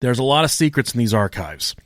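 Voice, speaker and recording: A man co-hosting a podcast, with a profane, joking manner. His pitch swings widely as he talks. The sound is close and dry. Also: brisk, no room sound. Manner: profane, joking, lively storytelling. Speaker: podcast co-host. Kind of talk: crude casual podcast banter.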